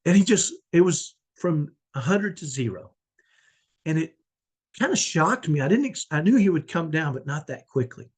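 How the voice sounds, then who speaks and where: Speaking at a moderate pace in a husky, somewhat high voice with lively intonation, a parent vlogger shares a personal story about his life as a parent. His tone is conversational, and he frequently adds "right?" to the end of sentences.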